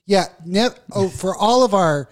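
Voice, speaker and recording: A man's voice: high voice, animated, measured pace. A man co-hosting a casual radio talk show, ranting with heavy swearing. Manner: profane, impassioned ranting. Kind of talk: casual podcast chat.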